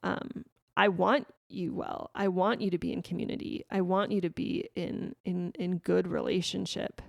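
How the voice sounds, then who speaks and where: A woman in her thirties hosting a podcast, talking candidly and reflectively, with frequent restarts and soft laughs. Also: lowish voice, fairly even intonation, moderate pace, creaky, no echo, clean studio sound. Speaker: podcast host. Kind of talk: candid conversational podcast talk.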